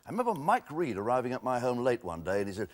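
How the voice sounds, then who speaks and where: A man's voice: mid-range voice, fast. A man hosting a television quiz show, witty and punning as he reads out the answers. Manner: witty, punning, lively delivery. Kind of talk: game show hosting with quips. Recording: TV broadcast with background noise.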